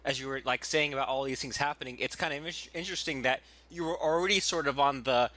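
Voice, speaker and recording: A man with a bright, clear tone hosts a podcast interview. He talks casually and thinks aloud, stopping and restarting his sentences as he reflects on what his guest said. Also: medium pitch, fast talker, dry recording. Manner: relaxed, thinks aloud with many restarts and fillers. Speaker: podcast host.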